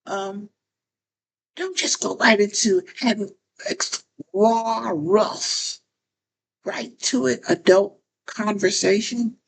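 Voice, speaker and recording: A woman's voice: mid-range voice, takes it slowly, creaky, pauses often, slight background noise, low-quality recording. A woman giving casual talk-to-camera advice as a phone chat operator, often repeating phrases and restarting sentences.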